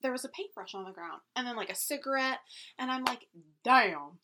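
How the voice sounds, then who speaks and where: A woman's voice: sits high, fast talker, background noise. A woman co-hosting a casual podcast chat, telling a story animatedly with lots of "like" fillers and acted-out quotes. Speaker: podcast co-host.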